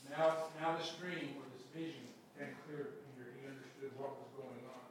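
A man's voice: mid-range voice, little pitch movement, brisk. A man preaching a sermon in a folksy storytelling way, acting out the dialogue of the people in his story. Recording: echoey room from far off with noise.

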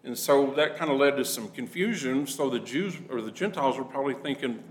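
A man's voice: medium pitch, fairly quick, slight background noise, poor audio. A man teaching a conversational Bible class to a congregation, plain-spoken and acting out the people he quotes.

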